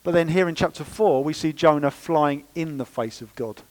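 Lively man preaching. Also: fairly high pitch, normal speed, low-quality recording. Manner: lively, conversational preaching with playful asides. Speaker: pastor. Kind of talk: sermon. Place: church.

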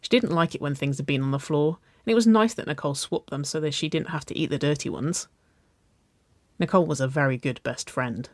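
A woman narrating a children's-style story, reading aloud with a gentle, even delivery. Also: low-pitched, fairly quick, no room sound.

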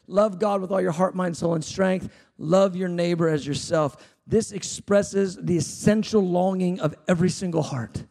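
A man preaching a sermon, swinging between fervent shouted appeals and hushed, conversational storytelling. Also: sits high, creaky. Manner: conversational, self-deprecating anecdotes.

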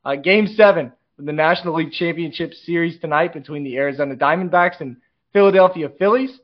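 A man's voice: a little high, fast talker, highs cut off. Chatty man hosting a coaches' show. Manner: conversational, loose questions with many "uh"s. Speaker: show host. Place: home room with a chart on the wall. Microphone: video call.

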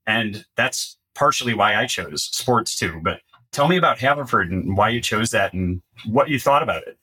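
A male podcast host with a Midwestern accent tells stories and asks his questions in an animated way. His voice is husky yet sharp and bright in tone. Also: lowish voice, moderate pace. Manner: animated storyteller who quotes other people. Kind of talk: casual interview talk.

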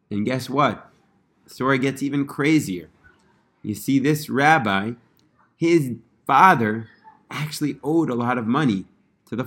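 A man telling a religious story in a casual, earnest way, rising in pitch when he quotes the people in it. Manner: earnest, animated when quoting characters.

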